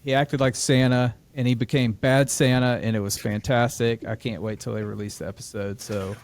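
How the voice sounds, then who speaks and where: A Midwestern American man in a mid-range voice shares a story on a podcast. He talks in a relaxed, chatty way and laughs easily. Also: mid-range voice, normal speed. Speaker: podcast co-host. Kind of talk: casual podcast chat.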